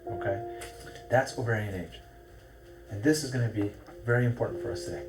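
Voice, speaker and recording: A man working as a fertility doctor, explaining things briskly to a patient and checking that she follows. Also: lowish voice, far from the mic, music in the background. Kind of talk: consultation with a patient.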